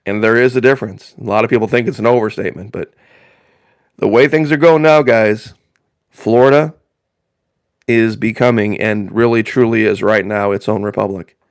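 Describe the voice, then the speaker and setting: A man's voice: fairly low pitch, steady tone, normal speed, gravelly, no room sound. Folksy rambling man, dry close sound. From northern Indiana, US. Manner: rambling and folksy, repeats phrases for emphasis. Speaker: live-stream host. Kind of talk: casual live-stream chat.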